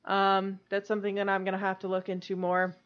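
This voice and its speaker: A woman co-hosting a casual podcast, talking things through and explaining what she has read. She has a mid-range pitch for a woman. The sound is somewhat dull and lo-fi. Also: monotone, a little fast. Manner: chatty, explains research, laughs often. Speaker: podcast co-host. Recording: dull lo-fi audio.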